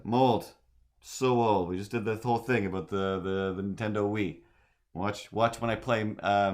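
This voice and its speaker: Rambling, self-mocking man on a livestream. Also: deep voice. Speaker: streamer and artist. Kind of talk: casual livestream chat.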